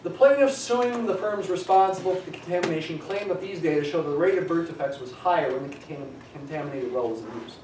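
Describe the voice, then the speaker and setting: Male lecturer, middle-aged, higher voice, chatty, echoey room, picked up from afar. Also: quick pace, few pauses, background noise. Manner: chatty, digressive, dry humor. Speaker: statistics lecturer. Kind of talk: classroom lecture. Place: lecture classroom. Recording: echoey classroom from a distance.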